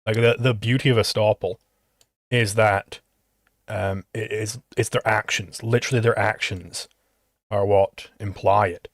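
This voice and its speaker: A man co-hosting a livestream, talking casually and haltingly with many fillers. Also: on the low side, fairly even intonation, dry recording, studio quality.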